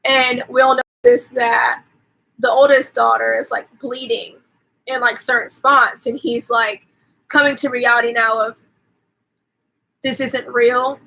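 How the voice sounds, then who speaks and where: On a livestream, a woman host casually recaps a movie's plot, rambling, dropping "like" into nearly every phrase and swearing offhandedly. Her voice sits on the high side with a flat, creaky, sharp delivery, and the recording is rough.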